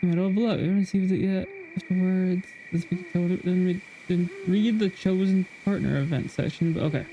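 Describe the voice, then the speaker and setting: A man's voice: high voice, fairly even intonation, fairly quick, warm tone, slight background noise. A man streaming a game, chatting casually and reading a game guide aloud with frequent restarts. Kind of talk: casual gameplay stream chat.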